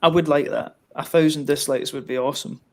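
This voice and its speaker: A man's voice: a little high, fairly even intonation, a little fast. A man hosting a casual livestream from his home, bantering and swearing and reading out viewer messages. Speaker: livestream host. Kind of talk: casual chat. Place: home, living in Sweden.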